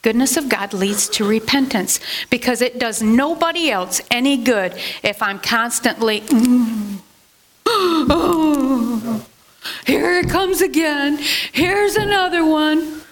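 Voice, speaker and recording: A woman's voice: high voice, measured pace, a little hiss or hum. A woman giving a casual sermon as a Bible teacher, chatty, asking herself questions and answering them.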